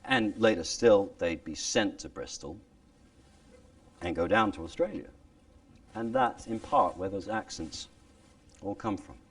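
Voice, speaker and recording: A man with a low, gravelly voice who explains things in an animated, bouncy way. He sounds a bit distant from the microphone. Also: measured pace, pauses often. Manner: animated, demonstrates verse in shifting voices. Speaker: speaker on original pronunciation. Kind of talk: lively explanatory talk with reading demonstrations.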